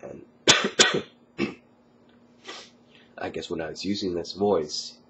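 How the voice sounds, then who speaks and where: A man's voice: deep voice, steady tone, slow, bright, forceful tone, a little hiss or hum. A young man who has a cold, coughing now and then as he rambles casually late at night with many ums and uhs. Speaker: college student vlogger. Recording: slightly muffled recording.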